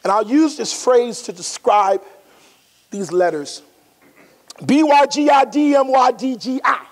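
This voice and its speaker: A man in his forties with a very high voice delivers a motivational talk at a conference. He tells stories with animation and often acts out the scenes. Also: unhurried, long reverb tail. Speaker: motivational speaker. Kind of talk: motivational speech storytelling. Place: resort conference room.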